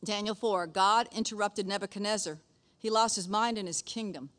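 A woman's voice: medium pitch, normal speed, fairly bright tone. Chatty woman teaching a Bible lesson. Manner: chatty, checks in with "okay?" often.

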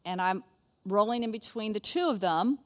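A woman's voice: mid-range voice, expressive, moderate pace. Middle-aged woman, folksy church teacher, chatty asides, scripture quoted in a preaching tone. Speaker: speaker at a church gathering. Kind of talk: sermon-style teaching.

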